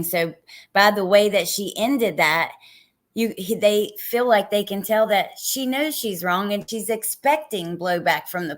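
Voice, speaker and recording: A woman's voice: mid-range voice, a bit bright. A woman hosting a livestream, reacting to clips and summing up for viewers in a casual chat. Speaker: livestream host.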